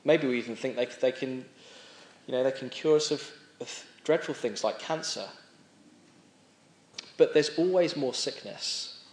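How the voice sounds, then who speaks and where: Male preacher, mid-pitched, chatty and unpolished, with some restarts, roomy echo. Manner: conversational, with frequent restarts and pauses. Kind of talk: sermon. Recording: echoey room.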